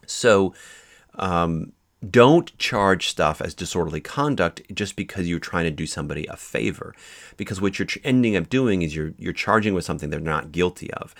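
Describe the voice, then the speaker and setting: Low, gravelly male law instructor; patient explainer with plenty of ums and restarts. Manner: explanatory, with many fillers and restarts. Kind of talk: recorded lecture.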